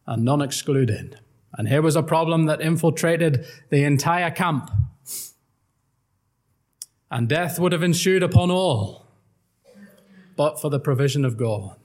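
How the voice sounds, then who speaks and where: A man's voice: fairly high pitch, a little mellow. A man preaching an earnest, emphatic gospel sermon and quoting old-style scripture.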